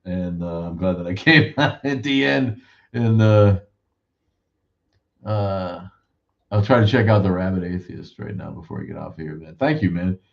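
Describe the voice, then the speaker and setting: A man's voice: low voice, unhurried, vocal fry, dull audio. A man hosting a casual live chat show, joking and profane, with rambling asides. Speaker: show host.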